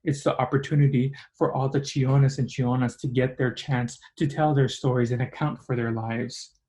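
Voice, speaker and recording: A man reading his own memoir piece aloud in a measured, rhythmic way. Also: mid-range voice, steady tone, dark tone. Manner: measured, rhythmic delivery of lists and images.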